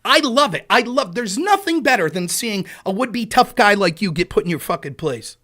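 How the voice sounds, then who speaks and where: A man hosting a live stream, delivering a profane, sarcastic rant and taunting a listener, at times breaking into shouts. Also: high voice, very animated, moderate pace, hardly any pauses.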